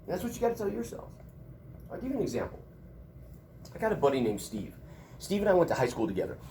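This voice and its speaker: A man's voice: a little high, wildly swooping pitch, fast talker, warm tone, a little hiss or hum. A middle-aged man teaching a college class in a casual, joking storytelling manner. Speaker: college instructor.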